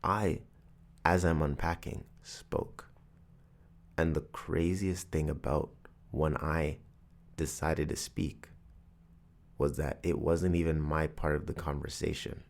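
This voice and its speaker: Deep-voiced man giving a motivational talk. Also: flat delivery, unhurried, vocal fry. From Canada. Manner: storytelling, earnest and reflective. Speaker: podcast host. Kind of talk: motivational monologue.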